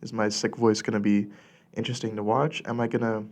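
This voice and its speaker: A young man talks close into a podcast mic, rambling loosely with plenty of fillers and false starts. His low voice has a gravelly fry, and he sounds a bit congested from a cold. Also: level tone, a little fast. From California. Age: young adult. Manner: rambling, filler-heavy with many likes and restarts. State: congested, clearing his throat. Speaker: podcast host. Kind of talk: casual solo podcast monologue. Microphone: studio podcast mic.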